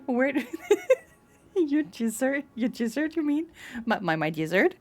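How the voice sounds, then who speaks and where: A woman's voice: high voice, huge pitch swings, slow pace, soft background music. A woman streamer playing a game live, shrieking, swearing and laughing, then chatting with her viewers. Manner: chatty, reads and answers chat. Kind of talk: live gameplay commentary.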